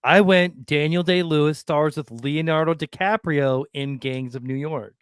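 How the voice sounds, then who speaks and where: A man's voice: on the high side, measured pace, smooth, dry recording. A man hosting a casual podcast, laid-back and encouraging toward his co-host.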